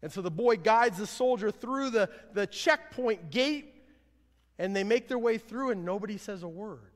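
A man preaching a sermon as pastor, earnest, swelling louder then dropping low at line ends. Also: normal speed. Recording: long hall reverb.

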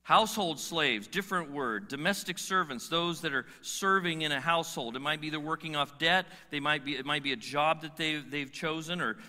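A man's voice: a little high, normal speed, hardly any pauses, sharp tone. A man preaching a sermon as pastor, emphatic, firing rhetorical questions and stretching out key words. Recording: long reverb of a large hall.

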